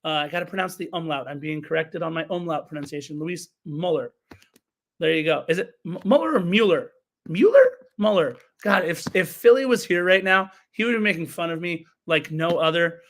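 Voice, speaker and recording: A man's voice: fairly high pitch, fast talker, creaky, few pauses, bright, forceful tone. A man hosting a live soccer podcast, recapping a match with enthusiasm and chatty self-corrections. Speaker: podcast host.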